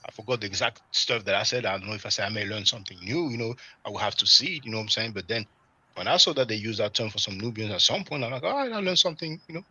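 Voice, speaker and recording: A man hosting a casual livestream, talking in an animated, chatty way and leaning on "you know" and "man". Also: fairly low pitch, very fast, husky, dry recording, poor audio. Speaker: livestream host.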